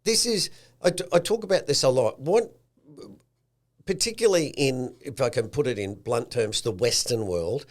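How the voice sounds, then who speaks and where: Australian man, podcast host, lively and slangy, mid-pitched voice. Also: moderate pace. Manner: animated, acts out quotes with a slangy tone. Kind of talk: casual chat.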